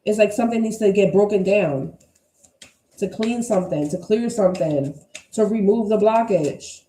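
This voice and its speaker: A woman's voice: medium pitch, moderate pace, dark tone. A woman giving a casual tarot energy reading to her viewers, blunt and emphatic, with plenty of swearing. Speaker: tarot reader. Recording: roomy echo.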